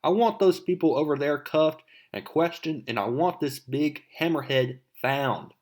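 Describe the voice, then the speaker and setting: A man's voice: a little high, a little slow, darkish tone, pitched above the performer's own voice, lightly acted. A man reading aloud and voicing a stern woman police captain who barks orders in a comic book recap. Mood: commanding. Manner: barking orders.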